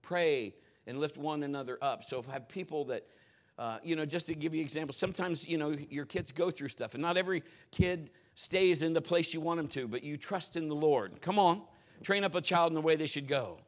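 A middle-aged pastor delivers a lighthearted sermon, his voice sitting a little high for a man. He jokes and chuckles as he goes, punching some lines loudly and dropping others almost to a murmur. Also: a little fast. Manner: animated, jokey, laughs often, swings loud and soft. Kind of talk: humorous sermon. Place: church.

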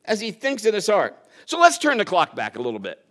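Man, preacher, sermon storytelling, bright forceful voice, high pitch. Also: brisk. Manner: lively storytelling, acts out quotes, laughs at himself.

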